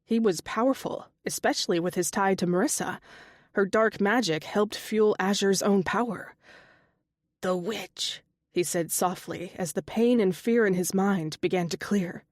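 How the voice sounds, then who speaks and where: A woman narrating an audiobook in an even, steady storytelling voice. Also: mid-range voice, moderate pace, no echo, studio quality. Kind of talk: scripted narration.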